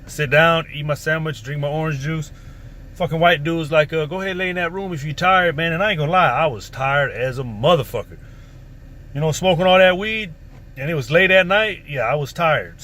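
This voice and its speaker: A man's voice: a little high, lively intonation, a little fast, a bit bright. A man casually telling a story from his past, in a profane, streetwise, rambling way. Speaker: vlogger. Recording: faint background noise.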